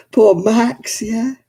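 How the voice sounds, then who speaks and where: A woman's voice: on the high side, warm tone, breathy edge, poor audio. A woman hosting a crafting livestream, chatting casually with viewers and grumbling about television. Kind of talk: casual chat with viewers while crocheting.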